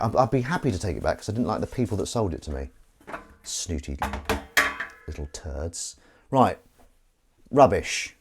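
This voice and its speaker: A man's voice: medium pitch, darkish tone, a little hiss or hum. A man hosting a casual live stream, rambling and self-mocking as he tries out a gadget. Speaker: livestream host. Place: outdoors in wind.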